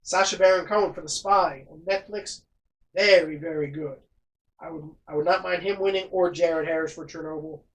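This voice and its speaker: A man's voice: on the high side, steady tone, normal speed, a bit bright, low-quality recording. A man hosting a casual podcast, reading award picks and cursing in exasperation at his co-host. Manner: profane, exasperated, rattling off picks. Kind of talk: casual chat.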